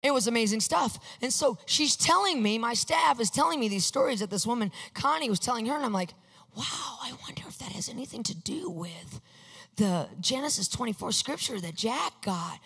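A woman sharing a personal faith testimony, storytelling in an animated way and acting out the voices she quotes. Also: on the high side, moderate pace, gravelly, slightly rough. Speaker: Christian speaker sharing a testimony.

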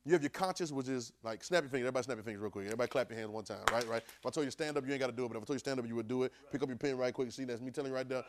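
A man preaching to a class in a loose, conversational way, often asking "right?" as he goes. He drops to a low murmur and then breaks into sudden loud bursts. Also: racing, hardly any pauses, background noise. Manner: call-and-response, keeps asking "right?". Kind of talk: conversational sermon.

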